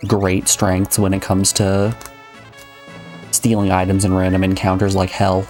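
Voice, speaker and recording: A man's voice: sits low, completely flat delivery, a little slow, darkish tone, faint music behind. A man streaming a game live, chatting casually and rambling to his viewers. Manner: rambling, chatty, addresses chat. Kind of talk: casual live gameplay chat.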